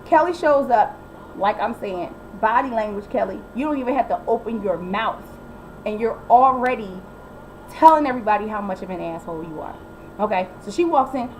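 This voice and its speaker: A woman's voice: sits high, slight background noise, low-quality recording. Sassy, blunt woman recapping a reality show. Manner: sassy, blunt, quick to mimic people and break into song. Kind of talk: casual recap commentary.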